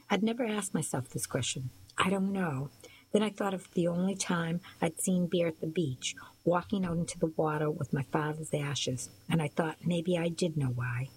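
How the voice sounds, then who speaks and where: A woman calmly narrating a first-person novel in a soft voice that at times drops to a near-whisper. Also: deep voice, moderate pace, husky, poor audio. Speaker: audiobook narrator.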